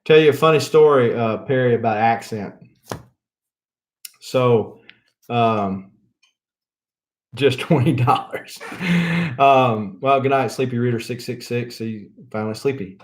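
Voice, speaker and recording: Southern-accented man, casual rambling host, lots of chuckles and drawn-out fillers. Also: mid-range voice. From Mississippi. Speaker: comic book channel host. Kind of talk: casual rambling haul chat.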